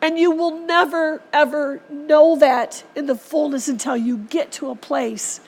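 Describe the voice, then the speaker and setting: A woman's voice: high voice, steady tone, measured pace, vocal fry, darkish tone. A woman preacher giving a sermon in a church, speaking earnestly and urging her listeners on. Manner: earnest, exhorting.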